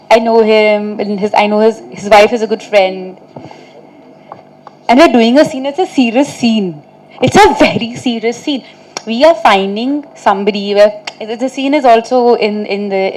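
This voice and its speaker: A woman's voice: fairly high pitch, darkish tone, a little hiss or hum, rough recording. A woman, an actress answering reporters' questions at a press meet in a chatty, storytelling way, often laughing through funny anecdotes. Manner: chatty, storytelling, frequent "like" and "you know".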